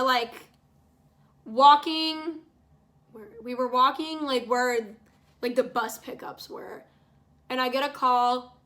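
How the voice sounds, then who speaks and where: A young woman vlogger with a highish, pushed, bright voice tells a story casually while painting. She's exasperated, swears freely, and acts out the lines people said.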